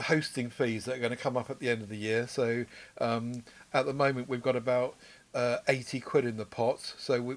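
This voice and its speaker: Easygoing older podcast host. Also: male voice, mid-range voice. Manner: easygoing, rambling, conversational. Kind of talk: casual chat.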